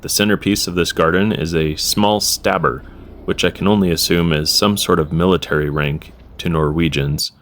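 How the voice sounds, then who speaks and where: Deep-voiced man with dry deadpan narration. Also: moderate pace. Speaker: history vlogger.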